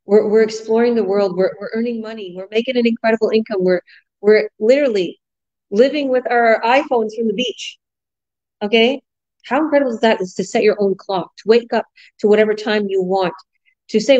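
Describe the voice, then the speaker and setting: A middle-aged woman from Canada hosting a casual live online chat, bubbly and excited, laughing often. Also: medium pitch, fast talker, highs cut off. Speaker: host.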